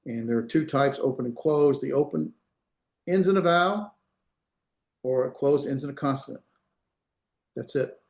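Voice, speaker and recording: A Hebrew instructor teaches an online language lecture over a video call from an echoey room, his medium-pitched voice darkish in tone. He explains patiently step by step, repeating words so students can hear them.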